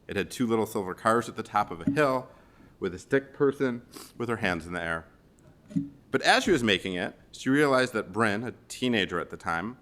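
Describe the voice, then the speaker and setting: A man in his forties from the Chicago area, giving a funeral eulogy for his mother as gently humorous storytelling. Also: on the low side. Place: funeral service.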